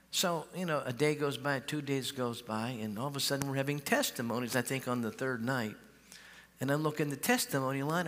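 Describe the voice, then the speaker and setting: Lively man preaching in a church hall. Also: medium pitch. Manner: animated, acts out quoted dialogue, calls for shouts. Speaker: pastor. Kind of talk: sermon storytelling. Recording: live church hall with long reverb.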